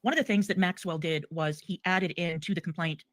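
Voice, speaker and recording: A speaker on a live stream making a measured, formal statement with emphatic repetition. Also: mid-range voice, steady tone, a bit bright, dry recording.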